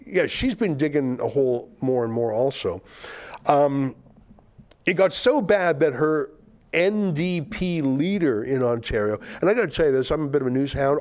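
A man's voice: medium pitch, darkish tone. An older man hosting a political commentary show, sarcastic and indignant as he mocks the statements he reads out.

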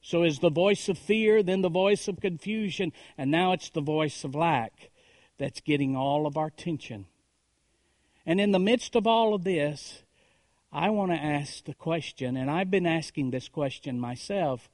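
A man preaching a sermon as a pastor, building on repeated phrases and rhetorical questions, moving between hushed lines and raised, emphatic calls. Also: a little high, measured pace, dry recording, clean studio sound. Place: church.

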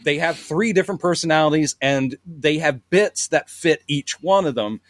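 A man's voice: a little high, normal speed, no room sound, studio quality. A man co-hosting a podcast, chatting casually about old comedies and acting out quoted bits. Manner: animated, acts out quoted lines with laughs. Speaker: podcast co-host.

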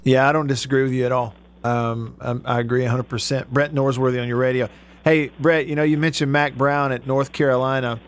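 A man's voice: medium pitch, little pitch movement, fairly quick. A man hosting a radio show, talking in an easygoing way and laughing often. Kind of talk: casual radio chat.

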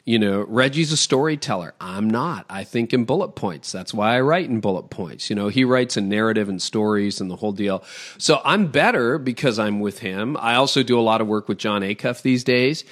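A middle-aged pastor from Toronto speaks in a podcast interview. His pitch swings widely as he stresses his points, and he lays out his advice in quick, emphatic lists. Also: lively intonation, fairly bright tone. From Toronto, Canada.

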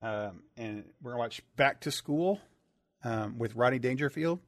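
Halting podcast host, dry close mic. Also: male voice, medium pitch, no echo. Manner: halting, restarts words often. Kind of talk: casual chat.

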